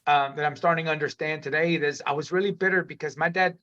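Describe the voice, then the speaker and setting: A man's voice: a little high, fairly even intonation, fast, sharp tone. A middle-aged man, a podcast guest, telling his life story candidly in a rambling way, restarting sentences and calling the host "man" often. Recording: dull lo-fi audio.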